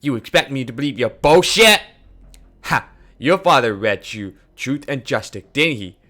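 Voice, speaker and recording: A man reading a game aloud, voicing a fierce, vengeful young woman fighter who shouts and hurls insults. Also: mid-range voice, animated, normal speed, soft background music. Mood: scornful.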